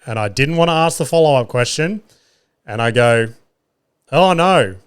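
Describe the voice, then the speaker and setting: A man in his thirties hosts a laid-back solo podcast. He talks in a middle pitch, close to the mic, and spins profane, exasperated stories punctuated by wry laughter. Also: a little fast, clear, resonant tone. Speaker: podcast host. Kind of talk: casual solo podcast monologue.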